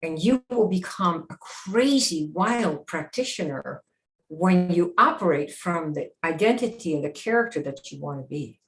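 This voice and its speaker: A woman's voice: on the low side, lively intonation, normal speed. A woman hosting a live sales-coaching stream, talking emphatically, firing rhetorical questions and slipping into dramatic acted voices. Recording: roomy echo.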